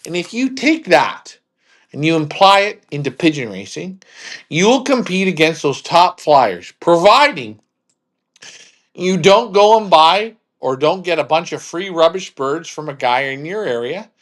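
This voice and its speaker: A man's voice: fairly high pitch, expressive, measured pace. A man hosting a casual chat in a blunt, emphatic way, swearing freely.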